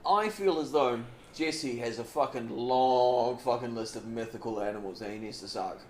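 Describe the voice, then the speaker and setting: A man's voice: mid-range voice, normal speed, darkish tone, slight background noise. A man from New Zealand co-hosting a podcast, in crude casual banter full of swearing. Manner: profane, swears constantly. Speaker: podcast co-host.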